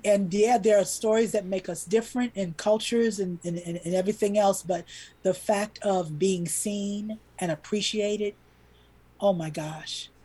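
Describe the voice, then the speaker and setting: A woman's voice: lowish voice, warm tone, breathy edge. A woman, a children's book author and illustrator, telling a heartfelt story as a podcast guest, earnest and emotional, repeating words when moved.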